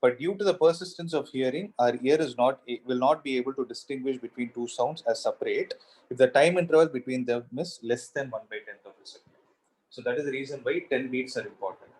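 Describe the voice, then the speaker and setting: A man's voice: medium pitch, a little fast, a little mellow, husky, rough recording. A man teaching a physics class, explaining step by step and asking himself questions as he goes. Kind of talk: classroom lecture.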